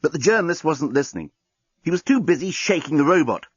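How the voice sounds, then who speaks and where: Lively husky male audiobook narrator. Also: fairly high pitch, quick pace, no echo, muffled recording. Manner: lively comic storytelling. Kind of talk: scripted narration.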